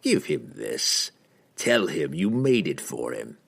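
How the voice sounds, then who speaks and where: A man reading an audiobook, voicing a grim male assassin with a slow, low growl. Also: lively intonation, fairly bright tone, breathy edge, heavily acted. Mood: sly.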